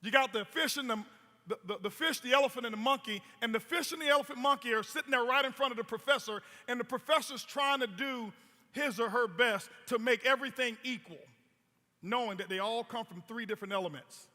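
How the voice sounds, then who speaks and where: Speaking very high, brisk, and with a pushed, bright tone, a man gives a motivational stage presentation. He tells stories emphatically, repeats words, and the recording has a long hall reverb.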